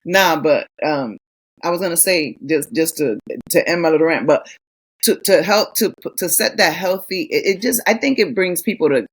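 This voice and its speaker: A woman's voice: lowish voice, lively intonation, moderate pace, breathy edge. A woman in her thirties co-hosting a podcast, ranting in a casual, profane way with acted quotes. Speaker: podcast co-host. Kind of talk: casual chat.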